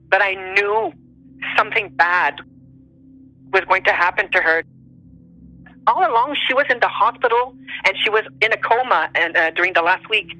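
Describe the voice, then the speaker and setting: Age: unknown. Sex: woman. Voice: bright, earnest storyteller. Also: mid-range voice, low-quality recording. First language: French. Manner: earnest, heartfelt, plainly emotional. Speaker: guest telling a true story. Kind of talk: personal storytelling.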